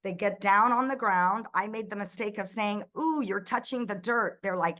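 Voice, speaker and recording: A middle-aged woman, a ministry founder raised in the United States, telling stories as an interview guest in a lively way, often restarting her sentences. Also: mid-range voice, normal speed. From Egypt, raised in the United States. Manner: animated storyteller, frequent restarts and quoted dialogue. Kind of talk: conversational interview.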